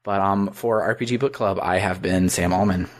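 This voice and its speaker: A man hosts a relaxed chat podcast about games, his voice sitting a little low. He rambles along with plenty of fillers and laughs often. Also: moderate pace. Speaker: podcast host. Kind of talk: casual gaming podcast chat.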